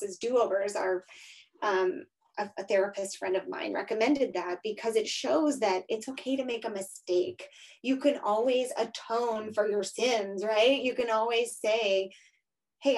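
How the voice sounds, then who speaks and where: A woman's voice: mid-range voice, low-quality recording. Frank, emphatic woman, middle-aged. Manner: frank, emphatic, punctuates with "right?". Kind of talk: candid conversational interview.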